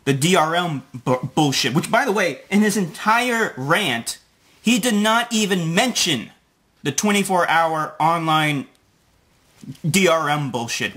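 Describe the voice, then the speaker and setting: A man's voice: a little high, fairly bright tone. A man ranting sarcastically as a video blogger, swearing often and mocking what he reads. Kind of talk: profane ranting commentary.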